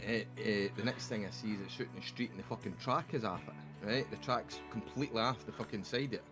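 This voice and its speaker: Man, Scottish accent, casual voice-call chat, heavy swearing, loud game music in the background. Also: on the low side, quick pace. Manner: swears a lot, rambling animated storytelling. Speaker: game streamer. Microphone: desktop mic on a voice chat.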